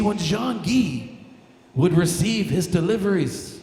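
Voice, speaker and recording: A Canadian man doing a crude, loud stand-up set, his voice a bit hoarse. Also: extremely high pitch, expressive, slow, long pauses. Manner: brash, crude, loud punchlines. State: slightly hoarse. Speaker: stand-up comedian. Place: comedy stage in a club. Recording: echoey club room with long reverb.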